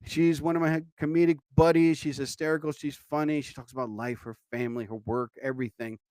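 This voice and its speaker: Man, live-show host, rambling casual monologue; clear, smooth voice, dry close sound. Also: a little high, fairly even intonation, fairly quick, a little mellow, no room sound. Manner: rambling, chatty, many "you know" asides.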